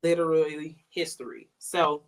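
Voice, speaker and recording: A woman, a guest on an interview, telling a personal story in a casual, animated way and acting out the lines she quotes. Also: sits low, a little slow, a little hiss or hum.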